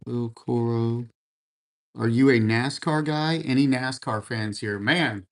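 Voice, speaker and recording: A man's voice: medium pitch, takes it slowly. A man hosting a casual livestream, reading out viewer comments and answering in a laid-back, encouraging way, often calling people man and brother. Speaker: livestream host. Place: room at home full of racing gear.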